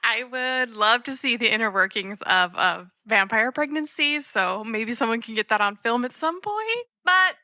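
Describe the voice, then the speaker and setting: A woman co-hosting a podcast who recaps a film in casual chat, giggly and animated, acting out the characters' quotes. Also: a little high, normal speed, hardly any pauses. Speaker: podcast co-host.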